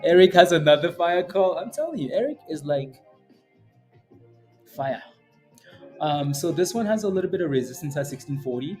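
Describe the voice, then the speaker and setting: A man's voice: on the high side, expressive, moderate pace, long pauses, a little mellow, faint music behind. A man hosting a live day-trading stream, chatting and joking over stock charts and tagging "right?" onto many lines. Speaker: day trading livestream host.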